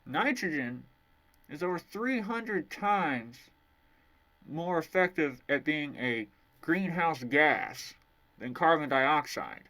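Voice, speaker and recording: Male book reviewer, sarcastic, swears a lot, slow deliberate delivery, higher voice. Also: lively intonation, bright, forceful tone. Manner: profane, sarcastic ranting.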